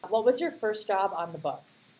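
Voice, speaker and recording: A woman hosting an interview, firing off quick questions in a playful way and laughing often. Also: mid-range voice, animated, dark tone, a little hiss or hum, rough recording. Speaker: interview host.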